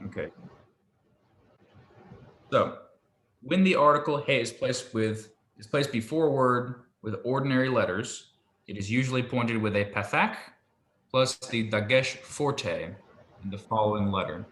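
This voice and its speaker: A man teaching a one-on-one Hebrew lesson, patient, explaining slowly and repeating pronunciations for his student. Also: medium pitch, a bit bright, echoey room.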